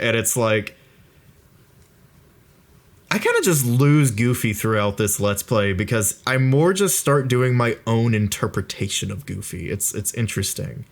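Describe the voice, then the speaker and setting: A man giving casual, rambling commentary on his own let's play through a VR headset mic, self-deprecating and swearing freely. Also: medium pitch.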